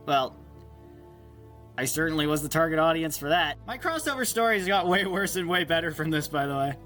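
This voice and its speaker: A man's voice: on the high side, lively intonation, a little fast, a bit bright, soft background music. A young man in a casual rambling monologue, enthusiastic, nerdy and self-deprecating. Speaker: YouTuber.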